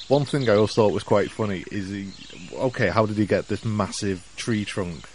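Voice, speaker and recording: A man co-hosting a casual film chat, retelling scenes in an animated, rambling way. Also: on the low side, moderate pace, slight background noise. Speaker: podcast co-host.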